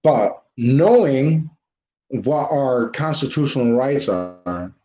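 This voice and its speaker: A man's voice: medium pitch, lively intonation, slow pace, warm tone. A man hosting a livestream in a casual, ranting style, hammering his points with emphatic repetition. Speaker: livestream host. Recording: roomy, dull lo-fi livestream audio.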